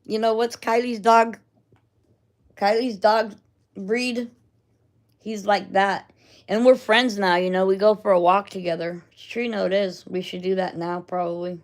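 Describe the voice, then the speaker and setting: A woman's voice: medium pitch, steady tone, a little slow. Rambling, chatty middle-aged woman. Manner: rambling, chatty, laughs often. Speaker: vlogger. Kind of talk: casual chat.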